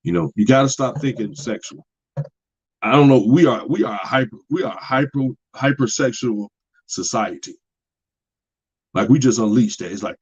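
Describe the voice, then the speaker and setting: Husky guy, preachy relationship talk, kinda muffled lo-fi audio. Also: mid-range voice, normal speed. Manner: preachy, plain-spoken, repeats himself. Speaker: podcast host. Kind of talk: casual monologue on relationships.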